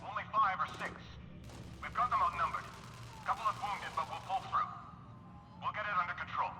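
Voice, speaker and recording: A man's voice: high voice, a little fast, pushed and bright, roomy sound, in a large hall, slight background noise. An actor playing a male security guard giving clipped, businesslike reports while under fire. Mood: tense.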